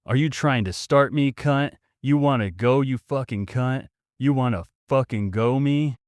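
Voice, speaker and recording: A man's voice: medium pitch, a little slow, no echo, clean studio sound, pitched above the performer's own voice, lightly acted. A man voicing an aggressive male lout on a bus in a mock Australian accent, crude and picking a fight. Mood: belligerent.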